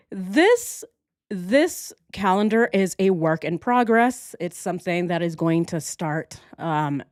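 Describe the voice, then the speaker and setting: A woman's voice: on the low side, a little mellow, dry recording, clean studio sound. A woman hosting a casual livestream, joking with her chat and thinking aloud as she works through a timeline. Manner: playful, jokey, addresses chat directly. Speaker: true crime livestream host.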